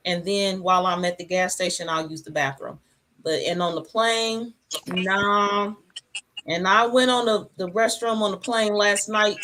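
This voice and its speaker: A woman's voice: medium pitch, measured pace, slight background noise. Woman rambling through a casual chat. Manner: rambling, reflective, relaxed; talks with food in her mouth. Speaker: channel host. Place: her home.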